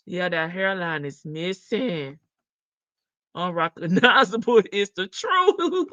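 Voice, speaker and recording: Slow, bright-voiced Southern woman. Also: fairly low pitch, expressive, dry recording. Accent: Southern American. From Southern United States. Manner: folksy, laughing, calls listeners baby and child. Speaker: livestream host. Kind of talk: casual gossip chat with viewers. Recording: dull lo-fi stream audio, dry.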